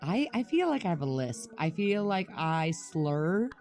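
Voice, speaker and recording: A woman's voice: sits low, very animated, a little slow, darkish tone, faint music behind. A woman co-hosting a casual podcast, talking loosely with a slight lisp, swearing and laughing often. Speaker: podcast co-host. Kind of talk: casual chat.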